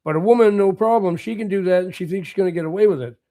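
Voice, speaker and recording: Canadian guy rambling to his stream chat, kinda high voice, keeps laughing and saying stuff twice. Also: rapid-fire, mellow. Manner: rambling, chuckles often, repeats phrases. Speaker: livestream host. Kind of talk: casual chat answering live comments.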